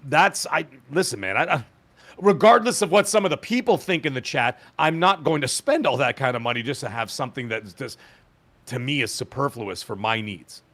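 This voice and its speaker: A man's voice: medium pitch, animated, moderate pace, a bit bright. A man co-hosting a gaming podcast, chatting casually, rambling with fillers and laughter. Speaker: podcast co-host. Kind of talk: casual chat.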